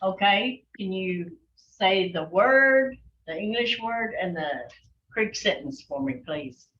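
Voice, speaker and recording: Woman teacher, slow encouraging delivery, mid pitch, lo-fi video call sound. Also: lively intonation, slight background noise. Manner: patient, encouraging, calls on students by name. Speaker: language teacher. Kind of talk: online language class.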